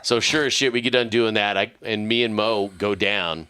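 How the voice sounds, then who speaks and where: A middle-aged man telling a profane, animated story in casual podcast chat. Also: on the low side, normal speed, smooth, no echo.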